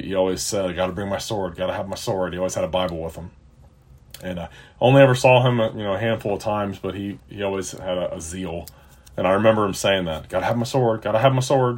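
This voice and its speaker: A man preaching an earnest sermon to his listeners, emphatic, swinging between loud and quiet. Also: lowish voice. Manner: earnest, emphatic, rises and drops in loudness. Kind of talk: sermon-style teaching.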